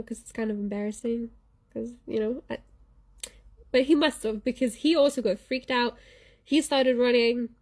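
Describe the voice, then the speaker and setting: A young woman casually telling a spooky childhood story, rambling and animated, often stopping to ask "okay?". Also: on the high side. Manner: animated, rambling, frequent "like" and "okay?", laughing at herself. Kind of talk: casual spoken ghost story.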